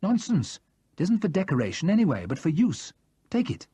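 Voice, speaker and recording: A brisk, insistent older gentleman, put on by a male narrator, fond but unwilling to take no for an answer. His pitch climbs in lively leaps. The voice is dry and close to the mic. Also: breathy edge, dry recording, heavily acted.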